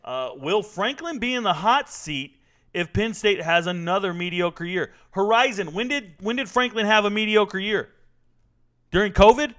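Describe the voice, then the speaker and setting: Male livestream host, high voice, brash and animated, argues with chat. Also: moderate pace. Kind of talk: casual live-stream sports chat.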